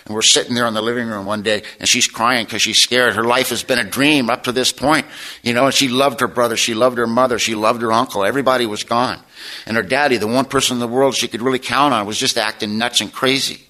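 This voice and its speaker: A man's voice: mid-range voice, fairly even intonation, quick pace, pushed and bright, low-quality recording. A middle-aged man sharing his personal testimony at a recovery meeting, plainspoken and folksy with wry humor.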